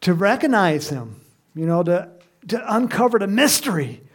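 A man preaches a sermon conversationally, laughing and putting questions to his congregation. His voice sits high and is very animated, at a normal speed.

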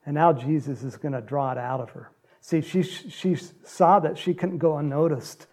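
A man preaching a sermon, retelling a gospel story with animated storytelling and acted-out lines. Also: a little high, moderate pace. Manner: animated storytelling, acts out quotes, laughs often.

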